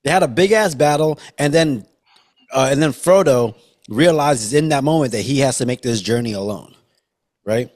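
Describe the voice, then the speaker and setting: Male co-host, mid-range voice, casual and animated. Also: medium pitch, normal speed. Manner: animated, steers the discussion. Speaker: podcast co-host. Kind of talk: casual movie chat.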